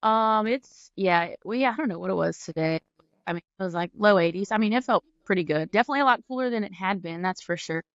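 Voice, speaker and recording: A relaxed woman from Virginia chats as a podcast guest, in an easygoing manner. Her audio is dry and a little muffled, like a remote call. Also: mid-range voice, fast, no room sound. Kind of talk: casual interview chat.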